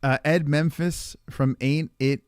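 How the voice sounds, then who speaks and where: A man's voice: fairly high pitch, steady tone, takes it slowly, a little mellow, clean tone, no echo, studio quality. A man streaming live, reacting to clips with incredulous, swearing asides.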